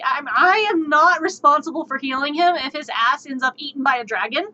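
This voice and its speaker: A woman streamer telling a tabletop game story in an animated, exasperated way, swearing freely, on dull lo-fi stream audio. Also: sits high, a little fast, few pauses, slight background noise.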